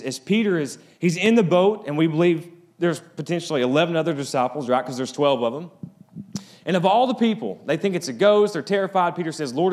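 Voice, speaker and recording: A man preaching a sermon as pastor, swinging between loud, rising appeals and quiet, low asides.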